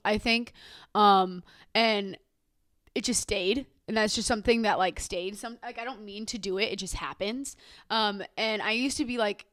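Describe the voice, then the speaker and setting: A woman's voice: mid-range voice, a bit bright, no echo, studio quality. A young woman hosting a podcast, talking candidly and casually, swearing freely and restarting her sentences often. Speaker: podcast host. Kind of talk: casual personal talk.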